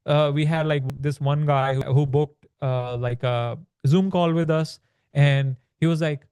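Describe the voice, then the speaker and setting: Speaking with a fairly high, steady, darkish, clean voice at a measured pace, this man, an author on the land business, is a podcast guest in a conversational interview. He explains casually and keeps dropping "like" and "right?", on a dry recording with clean studio sound.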